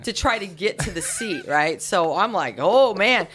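A woman's voice: on the low side, normal speed. A woman in her sixties telling wild stories on a podcast, swearing freely and laughing as she talks. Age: 60s. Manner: profane, laughing, animated storyteller. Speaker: guest, host's mother. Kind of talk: casual podcast storytelling.

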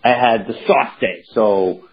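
A man hosting a podcast in casual chat, telling stories in an animated, rambling way with many restarts. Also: medium pitch, unhurried, slightly rough. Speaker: podcast host. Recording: dull lo-fi sound with faint noise.

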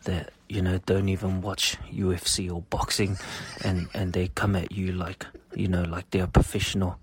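Husky, low New man ranting. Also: little pitch movement, normal speed. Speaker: podcast co-host. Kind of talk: comic rant.

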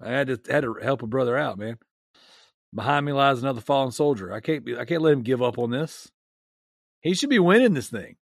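A man's voice: mid-range voice, animated, fairly quick, creaky, no echo, studio quality. A man co-hosting a podcast, teasing a friend in loose, joking banter. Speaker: podcast co-host.

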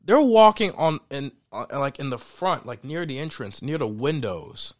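A man in casual chat, telling a movie plot in an animated way, laughing often and swearing freely. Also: medium pitch, normal speed, no room sound, studio quality.

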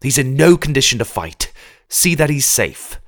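A man voicing a young male fairy who leads his people and protects his little sister, speaking earnestly in his own lively low voice. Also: normal speed. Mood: urgent.

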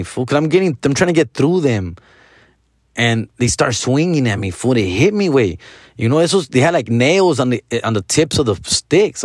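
A man's voice: mid-range voice, no room sound, studio quality. A man in his forties telling a personal story in casual, profane slang, switching between English and Spanish. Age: 40s.

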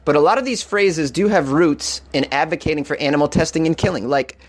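A man's voice: a little high, a little fast, few pauses. A man casually reading a viewer's message aloud and commenting on it, with a loose delivery full of fillers and small restarts.

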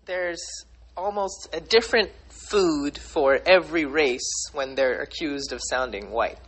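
A man's voice: on the high side, unhurried, a bit bright, poor audio. A man hosting a casual discussion, rambling in long clauses as he thinks aloud.

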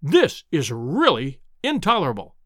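A man voicing a stern, sharp-tongued male science lecturer in a storybook reading, crisp and indignant. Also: on the high side, big pitch swings, normal speed, no echo, studio quality.

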